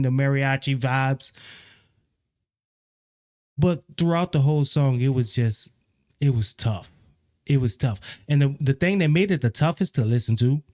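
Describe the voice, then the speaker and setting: A man giving a casual, opinionated spoken album review, often repeating himself and growing animated when he criticizes. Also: a little high. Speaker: music reviewer.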